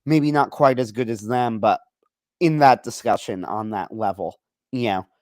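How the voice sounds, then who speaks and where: A man co-hosting a casual podcast rants in a rambling, self-deprecating way. He talks at an everyday middle pitch. His voice is close and dry, with no room sound. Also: normal speed, darkish tone, dry recording. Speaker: podcast co-host. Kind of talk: casual ranting chat.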